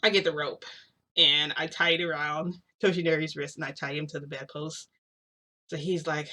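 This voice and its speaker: A young woman tells a long personal story in a loose, chatty vlog style. Her voice is bright and forceful. She keeps filling with "like" and restarting her sentences as she goes. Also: low voice, flat delivery, moderate pace. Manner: rambling, heavy use of "like", frequent restarts. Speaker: vlogger. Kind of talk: casual storytelling.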